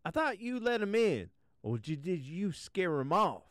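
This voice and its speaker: A prim, doting queen mother speaks in a drawn-out, genteel falsetto put on by a man. She sounds dry and close to the mic. It is a bawdy storybook parody. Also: very animated, fairly bright tone, dry recording, exaggerated voice. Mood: puzzled. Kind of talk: comic storytelling with voices.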